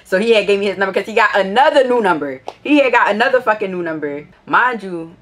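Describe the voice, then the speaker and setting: A young woman telling a casual storytime vlog, blunt and profane as she reads out old messages. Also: fast talker. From Philadelphia. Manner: blunt and profane, gets animated and higher when annoyed. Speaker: vlogger.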